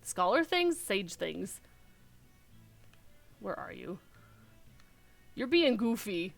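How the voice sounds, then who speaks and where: A woman's voice: medium pitch, very animated, drawn-out words, creaky, soft background music. A woman with an alto voice, chatting casually and correcting herself while streaming a game. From outside the UK. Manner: chatty, self-correcting, giggly asides. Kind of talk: casual gameplay chat.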